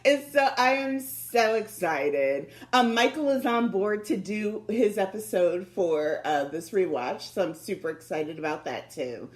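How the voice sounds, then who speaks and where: A woman co-hosting a podcast chats casually, telling animated stories full of acted-out quotes and frequent laughter. Her mid-range voice moves a little slowly with hardly any pauses, recorded in an echoey room.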